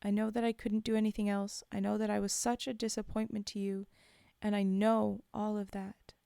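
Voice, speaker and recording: A desperate teenage girl speaks through held-back tears, begging her father to understand. A woman reads her lines aloud in a soft, mellow tone, recorded close and dry. It sounds like a read-aloud horror story. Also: medium pitch, level tone, normal speed, vocal fry, smooth, no echo, natural voice. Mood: pleading, tearful. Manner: pleading, on the verge of tears.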